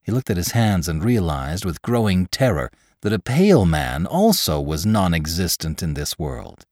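A man narrating a classic story for a podcast, measured and expressive. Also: deep voice, no room sound, studio quality.

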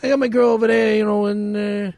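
High gravelly man, argumentative and defensive. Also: flat delivery, a little fast, a little mellow, no echo. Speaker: podcast regular. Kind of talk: crude casual banter.

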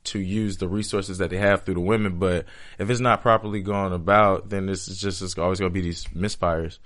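Low-voiced man, laid-back and slangy, thinking out loud on a panel. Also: a little fast. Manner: relaxed, slangy, reflective. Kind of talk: casual panel discussion.

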